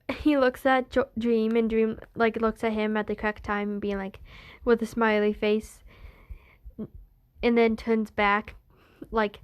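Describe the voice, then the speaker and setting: Brief: woman with a higher voice, loosely recounting a fan story at a slow, halting pace. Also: level tone, clear, resonant tone. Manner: meandering, full of restarts and "being like". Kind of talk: rambling spoken retelling of a fan story.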